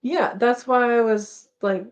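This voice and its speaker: A woman's voice: a little high, fairly even intonation, slow pace. Chatty woman hosting a live chat. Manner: chatty, rambling, laughs often, reads comments aloud. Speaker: homesteading live chat host. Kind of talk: casual live chat reading viewer comments.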